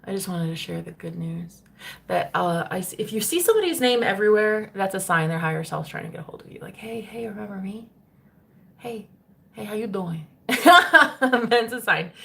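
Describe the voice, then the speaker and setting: Young woman, gravelly voice, casual streamer chat, swears a lot. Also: lowish voice, fairly bright tone. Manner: chatty, swearing, laughing often. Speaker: spiritual streamer.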